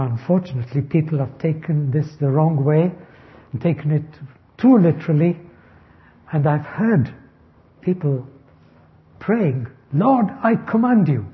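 A man preaching an expository sermon, speaking slowly and deliberately and stressing key words. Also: on the high side. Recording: dull lo-fi recording.

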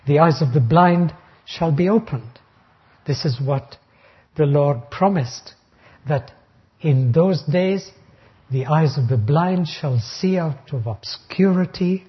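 Husky male preacher expounding scripture. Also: fairly high pitch. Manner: deliberate, reads verses slowly then explains. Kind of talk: expository sermon on scripture. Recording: dull lo-fi recording.

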